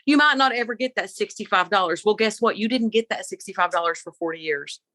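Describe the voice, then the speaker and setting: A middle-aged woman co-hosting a podcast, telling a story in an animated, opinionated casual chat. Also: mid-range voice, fast, dry recording. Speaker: podcast co-host.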